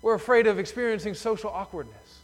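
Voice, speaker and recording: Man preaching, emphatic storyteller, slightly high voice, long church reverb. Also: fast talker. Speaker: pastor. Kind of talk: sermon. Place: church sanctuary.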